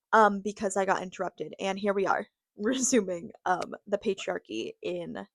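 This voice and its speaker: A woman's voice: medium pitch, dry recording, studio quality. A young adult woman hosting a podcast, ranting candidly, swearing freely, laughing and talking straight to her viewers. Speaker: podcast host. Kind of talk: casual opinion rant.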